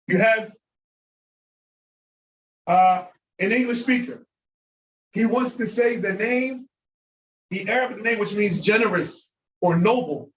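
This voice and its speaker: Animated male teacher in an echoey room. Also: high-pitched, unhurried, long pauses, distant mic, highs cut off, a little hiss or hum. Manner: animated, acts out mispronunciations, repeats words for drilling. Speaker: Arabic teacher. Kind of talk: classroom lecture.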